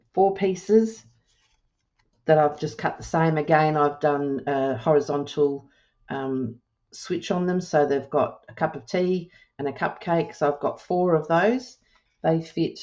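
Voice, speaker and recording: Woman, low voice, crafting tutorial host; easygoing step-by-step talk with ums and self-corrections, slightly dull lo-fi recording. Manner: relaxed, chatty, thinking aloud with ums and self-corrections. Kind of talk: casual step-by-step demonstration.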